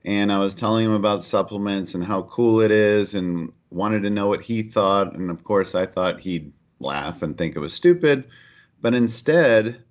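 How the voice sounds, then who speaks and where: A middle-aged man with a very low, deep voice speaks as a podcast guest. He tells his story earnestly and candidly, filling his speech with "uh" and restarts. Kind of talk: conversational storytelling.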